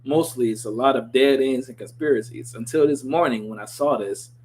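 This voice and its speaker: A man's voice: mid-range voice, brisk, darkish tone, a little hiss or hum, natural voice. A man reading the lines of a corny, middle-aged male scientist dad in a hammy, earnest way.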